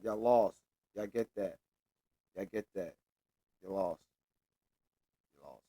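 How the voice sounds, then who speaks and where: A man's voice: lowish voice, slow pace, pauses often, warm tone, husky, dry recording. A young man hosting a sports show, making casual predictions alone, with loose, repetitive trash talk and free swearing.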